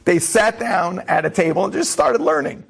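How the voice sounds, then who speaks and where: A rabbi with a high voice and vocal fry tells an animated, conversational story at a moderate pace, voicing the quoted lines as he goes. Slight background noise can be heard.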